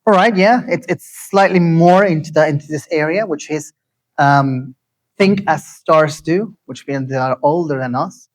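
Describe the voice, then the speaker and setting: A man giving an interactive lecture, asking the audience questions and repeating key phrases slowly. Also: on the high side, low-quality recording.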